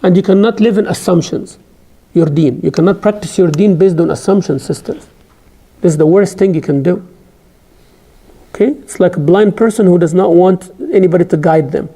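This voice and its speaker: Gravelly, husky man teaching a class. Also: sits high, dark tone. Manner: emphatic, rising sharply when stressing points; recites scripture in rapid chant. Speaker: Islamic studies teacher. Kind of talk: classroom lecture.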